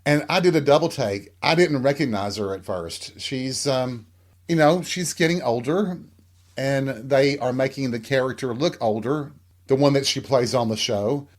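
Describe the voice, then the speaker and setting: A man's voice: mid-range voice, moderate pace. A man with a light Southern American accent, hosting a podcast and telling candid stories in a casual monologue. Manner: candid, chatty storytelling. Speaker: podcast host.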